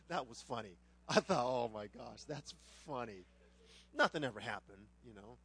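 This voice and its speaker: A middle-aged man, a pastor preaching a sermon, who tells funny stories with lively voices mixed into his teaching. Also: medium pitch, normal speed, breathy edge. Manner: animated, humorous storyteller who puts on voices. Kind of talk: sermon with a personal anecdote.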